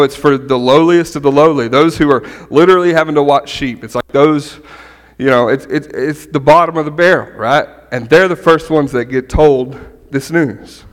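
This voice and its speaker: A middle-aged man giving a conversational sermon as a pastor, animated and often checking in with "right?". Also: medium pitch. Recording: long hall reverb.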